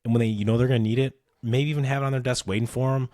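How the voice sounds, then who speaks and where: A man in his thirties hosting an interview podcast, talking in a relaxed, conversational way and laughing easily. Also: mid-range voice, rapid-fire, dry recording, studio quality. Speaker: podcast host. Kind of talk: casual interview chat.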